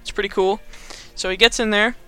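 A man's voice: high voice, steady tone, brisk, sharp tone, clear, resonant tone, soft background music. A young man casually recapping a movie as a podcast host, rambling with lots of fillers and frequent laughs.

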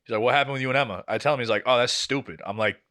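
A young man co-hosting a podcast, chatting casually and telling an animated story, acting out the people he quotes. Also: mid-range voice, very fast. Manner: animated storytelling, acts out quoted family members. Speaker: podcast co-host. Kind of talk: casual chat.

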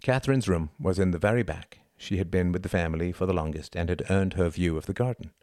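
Deep-voiced man narrating a novel. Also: no room sound, studio quality. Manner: quiet, measured storytelling. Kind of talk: audiobook narration.

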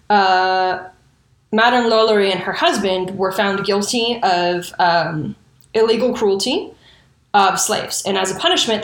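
A woman's voice: medium pitch, a bit bright, reverberant. A woman telling a history story in a casual, profane way, with indignant and sarcastic asides. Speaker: true crime storyteller.

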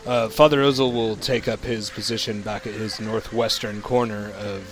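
A man's voice: on the low side, fairly even intonation, normal speed. A man playing a tabletop game with a dry, joking manner. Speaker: player. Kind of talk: casual tabletop play.

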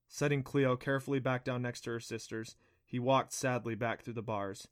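A man reading an audiobook aloud with a steady storytelling delivery. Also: medium pitch, normal speed, clean tone. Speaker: audiobook narrator. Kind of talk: scripted audiobook narration.

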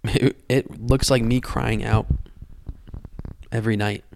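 Earnest gravelly-voiced man sharing testimony. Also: mid-range voice, steady tone, a little mellow, slight background noise. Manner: earnest, halting, repeats words. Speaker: podcast host. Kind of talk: personal testimony.

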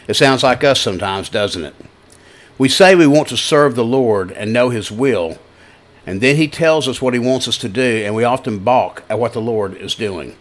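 A man's voice: medium pitch, normal speed. A male pastor giving a broadcast sermon, with conversational, folksy storytelling and scripture reading.

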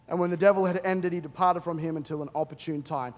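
A man's voice: fairly high pitch, fast talker, hardly any pauses. A middle-aged Australian man preaching a humorous sermon as a guest pastor, telling stories and acting out the voices in them with lots of energy. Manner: animated, jokey, acts out voices in his stories. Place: church auditorium with a live congregation. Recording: long reverb of a large church hall.

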